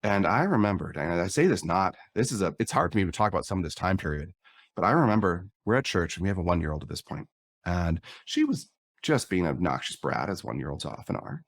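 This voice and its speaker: A man's voice: low voice, very animated, quick pace, no echo. A middle-aged man on a podcast, candidly telling a personal story and acting out the dialogue. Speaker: podcast guest.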